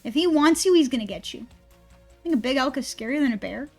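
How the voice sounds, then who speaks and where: Give me a high-pitched woman streamer who swears a lot and rambles, with soft music behind. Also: animated, fast talker. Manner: profane, ranting, rambling. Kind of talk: casual stream chat.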